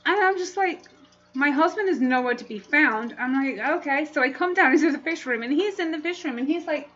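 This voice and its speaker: A woman's voice: high voice, lively intonation, brisk, a bit bright, dull audio. A woman hosting a casual livestream, chatting and laughing often as she reads comments aloud. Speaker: livestream host.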